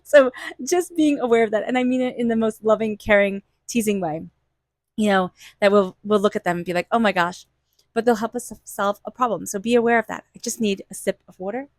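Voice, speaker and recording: This tarot reader's voice is medium in pitch, fairly quick and a little mellow, captured in a dry recording. Gushing to her viewers during an intuitive reading, she leans on "you know" and "like" and puts on playful voices for quotes.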